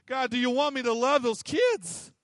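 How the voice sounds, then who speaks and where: A man's voice: very high-pitched, animated, moderate pace, no echo, clean studio sound. A man preaching a sermon, emphatic and repetitive, acting out little quotes. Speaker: pastor.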